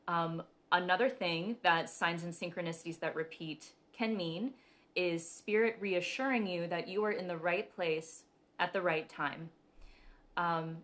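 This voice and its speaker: A woman's voice: fairly low pitch, a bit bright. A young woman host giving a casual live-stream talk about spiritual signs, chatty and giggly with many ums.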